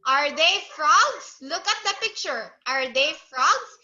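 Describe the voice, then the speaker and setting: A woman tutor leads a child through a simple online English lesson, with a high, very bright voice and a very slow pace. She repeats each question several times, patiently coaxing the child toward an answer, and she imitates animal sounds as she teaches. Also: big pitch swings, lo-fi sound.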